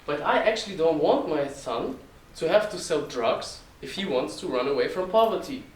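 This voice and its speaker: A man's voice: fairly high pitch, lively intonation, normal speed, natural voice. A young man voicing his father in a heavy Russian accent, raised and emphatic, recorded in a roomy space from a distance. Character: Russian-accented father, loud and matter-of-fact.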